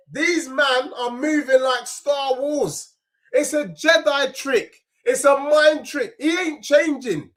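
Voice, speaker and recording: A young man with a London accent, venting about his football team with a heated, slangy edge. His voice sits very high for a man, and he hammers the same points again and again as he streams a match reaction. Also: fairly bright tone. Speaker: football fan channel host.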